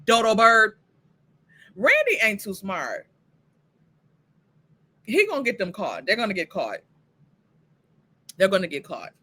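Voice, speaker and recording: A woman reviewing a TV show, recapping it in a blunt, profane, animated way. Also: medium pitch, a little slow, pauses often. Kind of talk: casual TV recap commentary.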